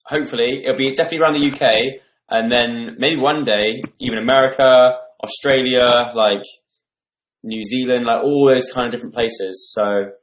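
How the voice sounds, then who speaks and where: A young man chats loosely to viewers over a live stream, rambling from one thought to the next as he reads comments. His voice sits at an ordinary middle pitch, and the room around him rings noticeably. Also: fairly even intonation, normal speed, fairly bright tone, reverberant. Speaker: livestream host. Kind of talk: casual live stream chat. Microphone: desktop microphone.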